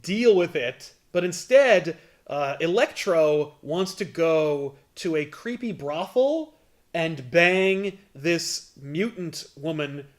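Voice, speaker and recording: A young man with a fairly high voice talks through a comic storyline in casual chat, bouncing between recap and playful impressions. His delivery is animated and quick to joke. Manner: animated, acts out comic dialogue in funny voices. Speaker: podcast co-host.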